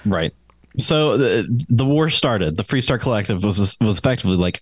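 Guy cohosting a chill podcast, rambly with lots of ums, lively pitch, dry sound. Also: moderate pace, no room sound. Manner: rambling, hesitant, many fillers. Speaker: podcast co-host. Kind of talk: casual podcast chat.

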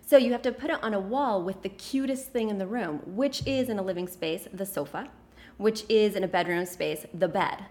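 Woman podcast host, chatty and playful, middle pitch, gives home design advice. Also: normal speed, darkish tone. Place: office.

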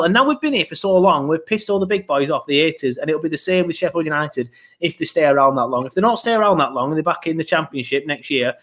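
A man's voice: fairly high pitch, fast talker, a bit bright. A man hosting a casual football podcast, chatty and jokey, rambling with fillers and restarts. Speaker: podcast host.

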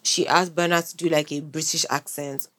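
A woman co-hosting a podcast in casual chat, relaxed and rambling with lots of likes and restarts. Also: low-pitched, normal speed. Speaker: podcast co-host.

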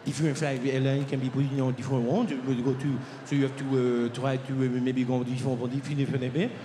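A comedian voicing a flustered older French information-desk man who speaks halting, broken English, performed live in a large hall. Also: mid-range voice, flat delivery, warm tone, a little hiss or hum, pitched below the performer's own voice, close to an everyday voice. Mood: fumbling helpful.

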